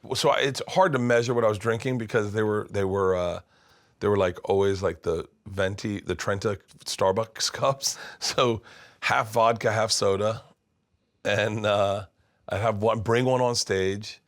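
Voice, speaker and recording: A comedian in his fifties telling stories in a rambling, animated way, full of restarts. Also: fairly low pitch, a little slow. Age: 50s. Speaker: comedian guest. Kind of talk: casual storytelling. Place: his studio.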